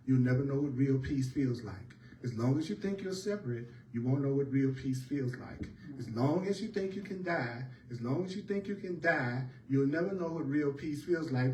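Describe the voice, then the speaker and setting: A man gives a spiritual teaching to a class in a rhythmic, emphatic way, driving each point home through repetition. His voice sits a little high for a man. He is heard from some distance in an echoey room with faint ambience behind him. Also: normal speed, slight background noise. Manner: repetitive, emphatic, preacher-like cadence.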